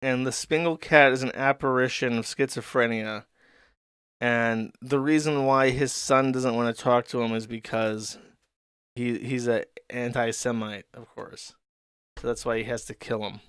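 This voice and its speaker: A man's voice: mid-range voice, fairly even intonation, a little slow, fairly bright tone, clean tone, dry recording, studio quality. A man hosting a show, rambling through crude, sardonic commentary while reading a comic aloud. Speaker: host.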